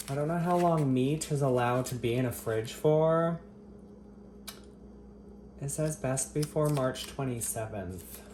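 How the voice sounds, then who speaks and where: A man chats to his viewers while he cooks in his home kitchen, cursing and teasing them with sarcastic, mock-dramatic remarks. His voice sits at an ordinary middle pitch. The room is echoey, with a faint hum of ambient noise behind him. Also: darkish tone. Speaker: vlogger. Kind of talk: cooking vlog chat to camera.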